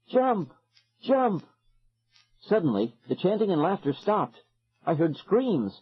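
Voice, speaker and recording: A man narrates a horror audiobook in the first person, with a husky, breathy voice and a lively, swinging delivery. The audio is dull and lo-fi, like an older recording. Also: a little high. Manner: dramatic, expressive.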